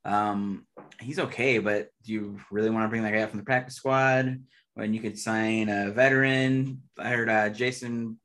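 A man's voice: on the low side, steady tone, normal speed, a bit bright. A man co-hosting a casual sports podcast, chatty and loose, laughing often as he talks. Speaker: podcast co-host.

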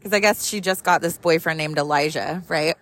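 Animated mom telling a story while driving. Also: female voice, low voice, a little fast. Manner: animated, profane, laughs often. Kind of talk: casual storytelling vlog.

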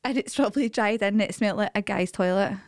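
A woman's voice: medium pitch, quick pace, no echo, clean studio sound. A Scottish woman co-hosting a podcast, chatting away and telling dramatic everyday anecdotes. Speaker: podcast co-host. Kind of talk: casual chat.

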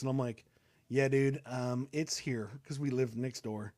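A man's voice: mid-range voice, measured pace, darkish tone, dry recording. A young man telling a long story on a talk show, casual and rambling, with many fillers and restarts. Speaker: co-host.

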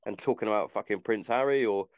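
A man's voice: lowish voice, fast talker, a little mellow, no room sound, muffled recording. A man hosting a podcast, chatting casually in a rambling way and swearing freely. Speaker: podcast host. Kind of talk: casual chat.

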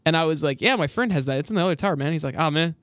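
A man's voice: a little high, animated, rapid-fire, a bit bright, no echo. A young man co-hosting a college sports radio show in casual chat, rambling through stories with lots of fillers. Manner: rambling storyteller, full of fillers.

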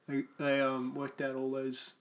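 A man's voice: mid-range voice, completely flat delivery, unhurried, fairly bright tone. A man co-hosting a podcast in casual chat, joking and playfully teasing. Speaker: podcast co-host.

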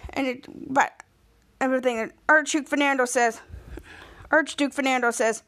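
Casting: rambling woman podcast host, high-pitched, casual recap delivery. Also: fairly even intonation, moderate pace, fairly bright tone. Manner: rambling, restarts often.

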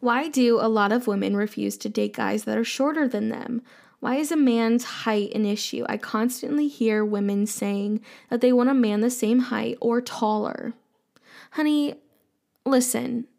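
A woman's voice: a little high, vocal fry, dark tone. A woman hosting an advice show, casually answering listener questions in a playful, teasing way with jokey asides. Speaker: advice podcast host.

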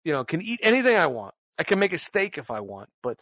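Animated, higher-pitched man in his forties. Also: quick pace, no room sound. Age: 40s. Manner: animated storytelling, laughs and swears often. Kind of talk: casual chat.

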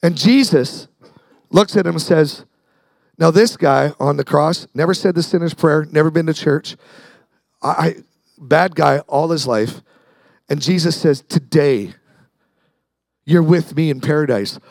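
A man's voice: fairly high pitch, unhurried, vocal fry, long pauses, dry recording. A man preaching a sermon as pastor, talking conversationally, repeating words and acting out the people in his story.

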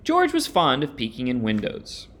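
A man narrating a children's storybook in an expressive, sing-song read-aloud manner. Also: medium pitch, moderate pace, heavy background noise.

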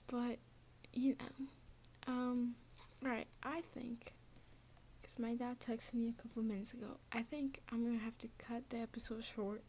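Young woman ranting on her podcast, keeps dropping to a whisper, says like a lot, slow talker. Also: fairly high pitch, fairly even intonation, darkish tone. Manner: often drops to a whisper, lots of "like". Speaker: podcast host. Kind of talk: casual solo rant.

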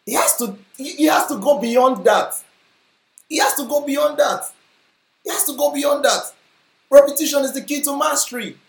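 A preacher with a Nigerian accent delivers a live sermon, hammering points home by repeating phrases and firing questions at the congregation. The voice sits mid-range and rings around a roomy hall. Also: mid-range voice. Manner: emphatic, repeats phrases, asks the crowd rhetorical questions.

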